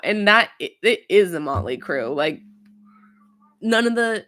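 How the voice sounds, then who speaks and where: A woman's voice: deep voice, lively intonation, a little slow, a bit bright. A woman in her thirties casually recapping a reality show as podcast host, chatty and opinionated with many fillers.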